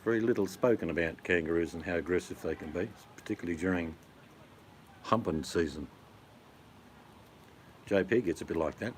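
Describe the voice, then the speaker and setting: Low-voiced blokey Aussie man. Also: brisk, long pauses, a little hiss or hum. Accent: Australian. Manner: blokey, joking, rambling. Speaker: vlogger answering chat. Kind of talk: casual chat.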